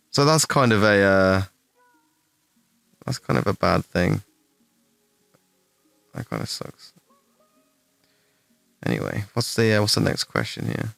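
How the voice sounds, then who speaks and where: A young English man answering chat questions on a stream in casual, rambling talk, swearing freely and putting himself down, with a fairly deep voice. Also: creaky, dry recording. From England. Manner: rambling, swears a lot, self-deprecating.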